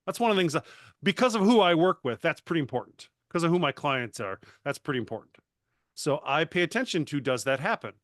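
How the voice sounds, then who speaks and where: A man and coach talking casually on a panel, animated and self-deprecating, often restarting his sentences. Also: a little high, fast, dry recording, clean studio sound. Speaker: master certified coach.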